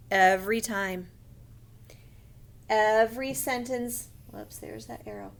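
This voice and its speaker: A woman teaching a first grade grammar lesson in a slow, patient voice, and now and then she whispers a quick aside to herself. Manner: slow, patient teacher voice, sometimes lifts her pitch to show an excited sentence. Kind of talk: recorded online grammar lesson.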